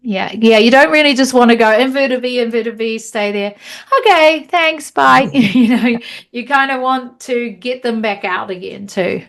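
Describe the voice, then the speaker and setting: Teacher woman coaching meditation cues. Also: fairly high pitch. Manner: demonstrates cues in a slow calm guiding voice. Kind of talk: teaching a training session. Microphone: video call.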